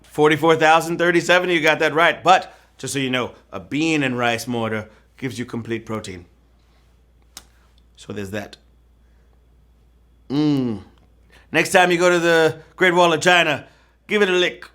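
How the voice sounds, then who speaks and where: A man hosting a live trivia game show, goofy and teasing, squealing high and singing bits with faint music behind. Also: a little slow, pauses often, fairly bright tone. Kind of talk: live-streamed trivia hosting, playful banter. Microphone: phone.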